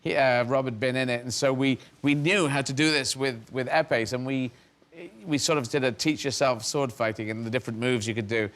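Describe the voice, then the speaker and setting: A man's voice: mid-range voice, steady tone, a little fast, a bit bright. A middle-aged man from England, a comedian as interview guest, telling rambling, self-mocking stories and laughing mid-sentence. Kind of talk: anecdotal storytelling.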